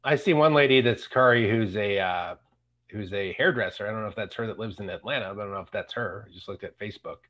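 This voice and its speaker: A man in his fifties with a voice on the low side talks quickly in a fairly bright tone. Hosting a podcast, he chats in a laid-back, slangy way and often restarts sentences, and the recording has a dull lo-fi sound.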